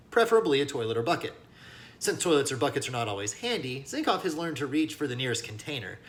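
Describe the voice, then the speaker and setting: A man teaching as he reads a children's novel aloud, with lively asides that speak to young listeners. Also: medium pitch. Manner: animated, addresses listeners as kiddos. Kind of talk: read-aloud storybook narration with lesson asides.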